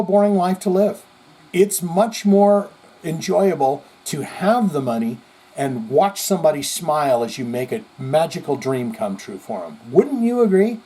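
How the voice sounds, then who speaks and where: A male podcast host reading viewer comments in casual, rambling commentary, animated and profane, jumping between loud outbursts and mutters. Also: high-pitched, slightly rough. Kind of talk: casual live-chat commentary.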